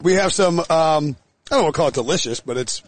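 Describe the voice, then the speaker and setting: High-voiced joking man hosting a sports podcast. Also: no room sound. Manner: energetic, joking, quick asides. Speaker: podcast host. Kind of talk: casual sports podcast chat. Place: outdoors near a stadium set.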